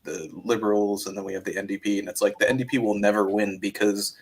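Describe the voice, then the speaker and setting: A man from Canada speaking in a casual podcast chat, his voice low and husky. He asks careful questions and trips over repeated words as he thinks. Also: steady tone, fast talker, rough recording.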